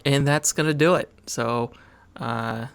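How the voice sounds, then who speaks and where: A man's voice: mid-range voice, slow pace, fairly bright tone, clear, resonant tone. A man co-hosting a casual video game podcast, talking in a laid-back, wry way with hesitant fillers. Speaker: co-host.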